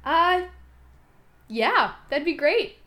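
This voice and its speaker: Female player, higher bright voice with big swings, cheeky and theatrical in character. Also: sing-song, drawn-out words. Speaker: tabletop game player. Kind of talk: playful in-character role-play.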